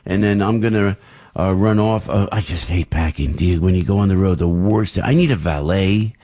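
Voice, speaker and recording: Husky man, radio host, animated storyteller, casual banter. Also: low voice, moderate pace. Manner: animated, storytelling with laughs and impressions. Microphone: studio microphone.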